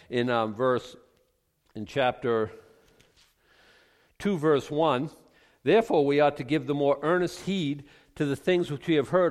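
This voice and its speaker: A man preaching a sermon as pastor, animated, swinging from hushed asides to loud exclamations. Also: a little high, in a large hall.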